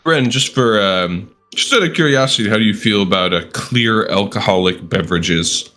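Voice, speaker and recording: A man's voice: lowish voice, normal speed, pushed and bright, soft background music. A man playing a tabletop game, chatting and joking casually. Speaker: player.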